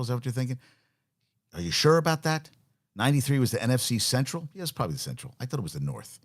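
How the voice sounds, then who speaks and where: A man in his forties hosting a sports talk show, ranting with exasperation and swearing freely as he rattles off stats. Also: mid-range voice. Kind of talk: opinionated sports radio rant.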